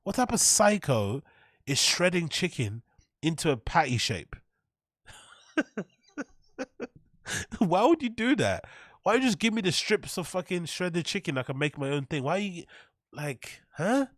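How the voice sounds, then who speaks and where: A man's voice: fairly high pitch, very animated, unhurried, pauses often, a bit bright, no echo, studio quality. A man hosting a reaction show, ranting in mocking, incredulous, sweary bursts. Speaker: host. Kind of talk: reaction commentary.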